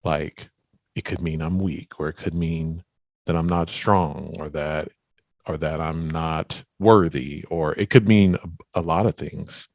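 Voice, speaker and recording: A man's voice: a bass voice, steady tone, unhurried, creaky, darkish tone, no echo. A man hosting a podcast interview, talking in a rambling, casual way with many restarts. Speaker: podcast host.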